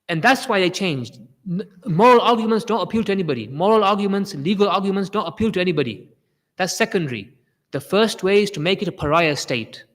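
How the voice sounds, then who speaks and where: A man's voice: sits high, expressive, fairly quick, in a large hall. A man delivering a Friday sermon with passion, often repeating his phrases for emphasis. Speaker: preacher giving a Friday sermon.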